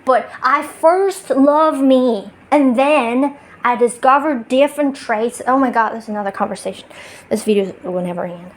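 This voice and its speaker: A woman's voice: fairly high pitch, moderate pace. A woman with a non-native English accent, sitting on her bed and talking to her phone in a reflective self-help monologue, often restarting and laughing at herself. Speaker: spiritual vlogger.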